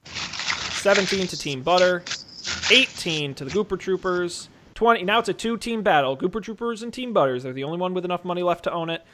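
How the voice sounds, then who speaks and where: Lively high-voiced male podcast host. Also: slight background noise. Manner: joking, quick auctioneer patter. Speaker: podcast host running a movie draft auction. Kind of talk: casual podcast chat.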